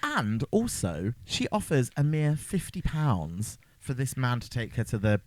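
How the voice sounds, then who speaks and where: A man's voice: medium pitch, measured pace. A man co-hosting a podcast, chatting casually and jokingly about a horror film. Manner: jokey, animated, slips into silly voices. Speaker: podcast co-host. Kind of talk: casual film review chat.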